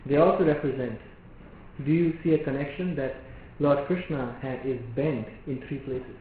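Male preacher, devotional lecture, measured and explanatory, very echoey hall, tinny phone-like sound. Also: medium pitch, slight background noise. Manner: measured, explanatory, rhetorical questions.

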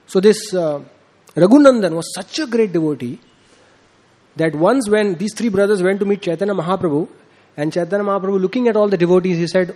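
A man's voice: fairly quick, mellow. A man giving an informal devotional sermon, telling a story with acted-out dialogue and many fillers. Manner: acts out quoted dialogue with rising pitch, frequent fillers. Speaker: speaker giving a devotional talk.

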